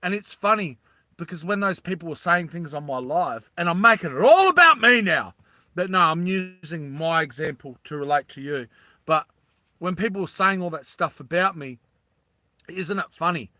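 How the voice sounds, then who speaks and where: A man's voice: on the high side, lively intonation, normal speed, pushed and bright, no room sound. A man talking casually on a livestream, rambling and often laughing as he addresses his viewers.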